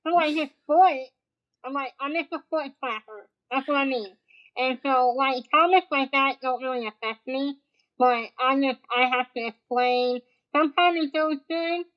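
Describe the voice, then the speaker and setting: A woman's voice: high voice, moderate pace. A deaf woman guest, speaking with a deaf accent, chatting casually and acting out what people say to her. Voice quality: deaf speech, uses hearing aid. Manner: animated, laughs often, acts out quotes. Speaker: guest streamer. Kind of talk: casual chat. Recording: dull lo-fi sound.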